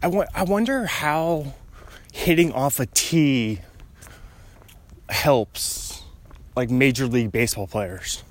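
Slow-talking man musing on a walk. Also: mid-range voice. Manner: wandering, musing, chuckles often. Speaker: vlogger. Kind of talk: casual rambling monologue. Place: outdoors on a residential street, walking.

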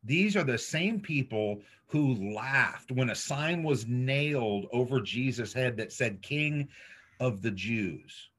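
A man preaching a sermon as a pastor, emphatic and dramatic, letting his voice sink low at the ends of points. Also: lively intonation, a bit bright, breathy edge. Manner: slow, emphatic preaching with dramatic drops in volume. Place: streamed over video call. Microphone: video call mic.

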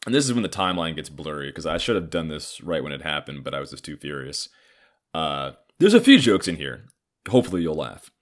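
A man's voice: very deep voice, big pitch swings, a little fast. A man in his thirties telling a personal story in a casual, heated and profane way. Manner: profane, heated, acts out others' lines.

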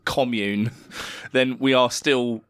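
A young British man in sweary, animated storytelling as co-host of a casual podcast chat. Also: medium pitch, slow, clean tone, no echo, studio quality. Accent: British English.

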